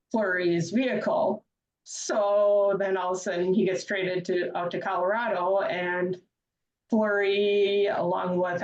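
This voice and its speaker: A woman guest on a podcast telling stories casually, chatty with lots of filler phrases. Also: lowish voice. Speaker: podcast guest, hockey fan. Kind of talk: casual storytelling. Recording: distant, echoey, dull remote audio.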